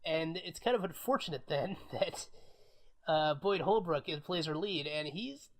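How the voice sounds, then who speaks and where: A man's voice: on the high side, animated, unhurried. A man co-hosting a podcast, chatting casually about films and thinking aloud with fillers. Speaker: podcast co-host. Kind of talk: casual film review chat.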